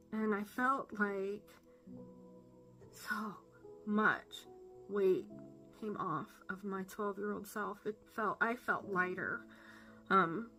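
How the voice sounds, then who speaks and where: A woman giving an earnest personal faith testimony, halting with fillers and emotional. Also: mid-range voice, pushed and bright. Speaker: testimony speaker.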